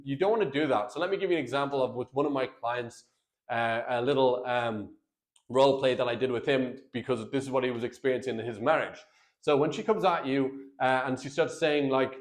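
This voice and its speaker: A man's voice: medium pitch, fairly quick. A man talking straight to camera as a marriage coach, earnest and plain-spoken, calling his viewers guys and brother. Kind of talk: direct-to-camera coaching talk.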